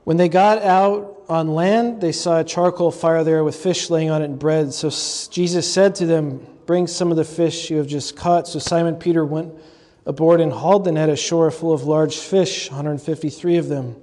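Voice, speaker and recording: A man's voice: on the high side, fairly even intonation, moderate pace, dark tone. A man giving a conversational, humorous scripture lecture as a host, with asides to his audience. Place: large lecture hall at a convocation. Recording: long hall reverb from a live talk.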